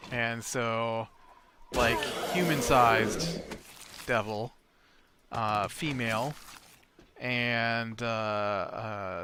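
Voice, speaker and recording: Slow-talking man rambling over gameplay. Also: medium pitch. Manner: rambling, many filler words. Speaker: let's play host. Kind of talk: casual gameplay commentary. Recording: clear background noise.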